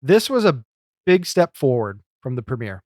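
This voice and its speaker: A man's voice: mid-range voice, sing-song, normal speed, darkish tone, dry recording. A man co-hosting a podcast, musing through an episode review with lots of "you know"s. His voice sits mid-range and the recording is dry, with no room sound. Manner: talkative, analytical, many fillers. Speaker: podcast co-host. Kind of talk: casual chat reviewing a comedy show.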